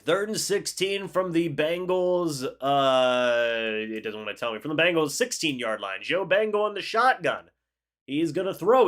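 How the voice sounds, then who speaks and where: A young man hosting a live football reaction stream, calling the plays and chatting with viewers in an excitable, talkative way. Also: fairly high pitch, unhurried. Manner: excitable, chatty, reads chat aloud and calls plays. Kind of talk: live game reaction with play-by-play and chat replies.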